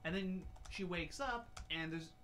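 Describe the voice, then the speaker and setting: A young father co-hosting a casual podcast, telling animated stories with many fillers. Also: high voice, unhurried, a little hiss or hum. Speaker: podcast co-host. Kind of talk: casual chat.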